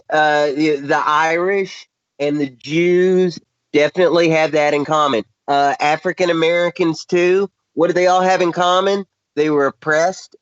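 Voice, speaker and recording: Male radio co-host, wry joking manner, slightly raised pitch, dry muffled lo-fi sound. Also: no room sound. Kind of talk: casual talk radio chat.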